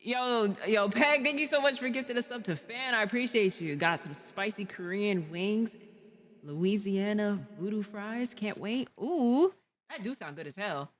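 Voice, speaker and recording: A woman streaming a reaction video, chatting casually with lots of slang and quick reactions. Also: mid-range voice, expressive, soft background music. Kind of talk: casual chat.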